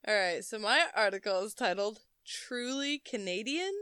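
A woman's voice: mid-range voice, animated, moderate pace, pushed and bright, clean tone, no echo, clean studio sound. A woman co-hosting a casual podcast, reading a news article aloud and breaking off with jokes and giggles.

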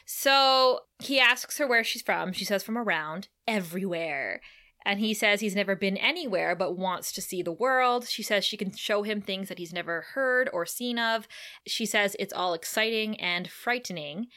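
Woman, podcast co-host, bright tone, lively retelling, laughs a lot. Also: medium pitch, normal speed. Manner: laughs often, animated retelling. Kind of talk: casual recap chat.

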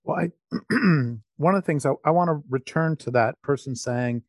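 A man with a mid-pitched voice speaks emphatically and with passion. The recording is dry and close, with no room sound around his voice. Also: lively intonation, normal speed, no echo. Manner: impassioned, emphatic. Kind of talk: casual conversation.

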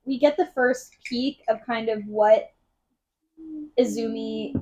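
High-voiced woman, chatty book talk. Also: steady tone, a little mellow. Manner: chatty, retells scenes with quick asides. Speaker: book podcast co-host. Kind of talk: casual chat.

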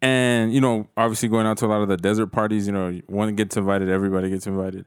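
A man's voice: on the low side, level tone, fast talker, smooth, no echo, studio quality. A man casually telling a profane story to friends, laughing as he goes.

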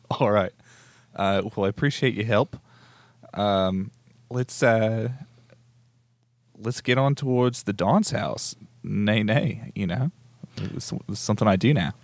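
A man's voice: fairly low pitch, slow, pauses often, no echo. A man playing a tabletop game, casual and stammering. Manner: casual, stammering, laughing often. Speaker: player.

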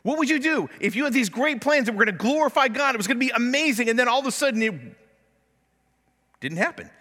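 A man preaching a sermon from the pulpit, his voice high-pitched and bright. He is animated and acts out the complaints and prayers he quotes. The sound rings with the long reverb of a large church hall. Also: fast talker. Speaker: pastor. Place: church sanctuary.

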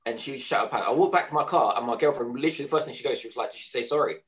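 A man on a casual podcast, telling an animated anecdote at speed, stumbling over restarts. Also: medium pitch, very fast. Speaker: podcast co-host. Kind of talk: casual storytelling chat.

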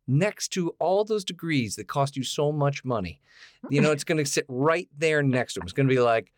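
Playful rambling man, lively voice. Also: on the high side, brisk, dry recording, clean studio sound. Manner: playful, self-mocking, rambling. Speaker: podcast co-host. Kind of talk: casual banter.

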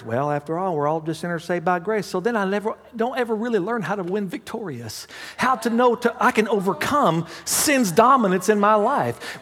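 A man preaching a sermon as pastor, mixing humorous family stories with hushed prayer. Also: sits high. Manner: dramatic swings from loud to hushed prayer; humorous storytelling with laughs. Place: church sanctuary. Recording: long hall reverb.

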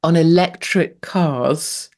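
A woman's voice: low voice, slow pace, a little mellow. Brash, sarcastic middle-aged Englishwoman. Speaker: host. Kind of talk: opinionated solo commentary.

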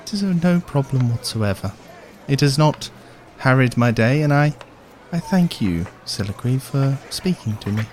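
Brief: man playing a quiet, courtly dwarf in a tabletop game, formal and apologetic, soft-spoken. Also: medium pitch, expressive, normal speed, a little hiss or hum, close to an everyday voice. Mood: gentle. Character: soft-spoken polite male dwarf, new in town. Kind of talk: voicing a character in a tabletop game.

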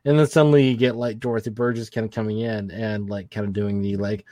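A man co-hosting a podcast, chatting casually about old films, rambling through lots of fillers and breaking into animated mock impressions. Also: fairly low pitch, fast, no room sound. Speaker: podcast co-host. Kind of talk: casual film-review chat.

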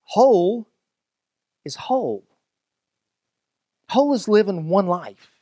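A man's voice: high voice, very animated, slow pace, warm tone, no room sound. A male pastor preaching a sermon in a loose, conversational way, joking with the congregation and often restarting his sentences.

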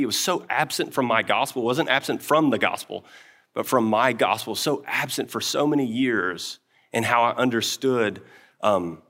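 A man's voice: medium pitch, a bit bright. A male pastor preaching with a mid-range voice, talking earnestly and informally. He tells a story with frequent asides and restarts, then moves into a prayer. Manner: acts out quoted speech, dropping to a whisper at times. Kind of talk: sermon with personal story and closing prayer.

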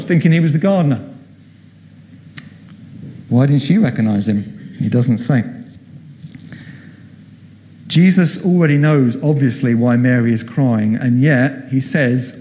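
A man's voice: medium pitch, unhurried, pauses often, a little mellow, in a large hall, a little hiss or hum. A middle-aged man preaching a sermon, telling the story with animation and acting out the voices he quotes.

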